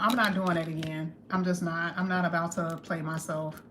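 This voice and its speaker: A woman giving a casual tarot reading to camera, chatty and lively, talking straight to her viewers and slowing down to stress key phrases. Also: lowish voice, slight background noise. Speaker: tarot reader.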